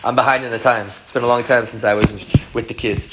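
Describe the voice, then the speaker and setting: A man's voice: medium pitch, little pitch movement, fast talker. A man teaching a casual Torah class to students, playful and chatty as he explains ideas and answers questions. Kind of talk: informal Torah lesson with questions. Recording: dull lo-fi sound with loud hiss.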